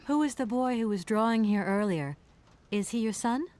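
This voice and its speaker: A woman's voice: a little high, animated, normal speed, darkish tone, close to an everyday voice. An actress voicing a curious young American woman traveler in an adventure game, with a direct, inquisitive manner.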